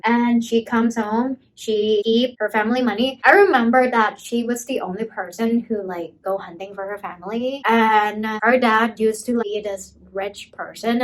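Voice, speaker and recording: Young woman vlogging, kinda high voice, rambly and jokey, forgets stuff as she goes. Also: low-quality recording. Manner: rambling, jokey, unsure of details. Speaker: book vlogger. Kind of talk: casual chatty book recap.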